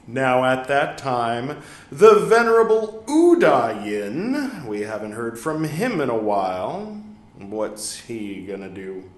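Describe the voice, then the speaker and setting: A man hosting a podcast, reading a religious text aloud and breaking off for wry, joking asides. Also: mid-range voice. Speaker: podcast host reading scripture. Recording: echoey room.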